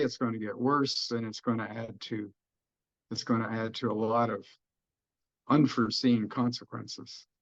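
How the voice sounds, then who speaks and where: Folksy Texan man on dull webinar audio. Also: medium pitch. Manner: folksy, jokey explanations. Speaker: economist guest. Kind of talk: webinar discussion.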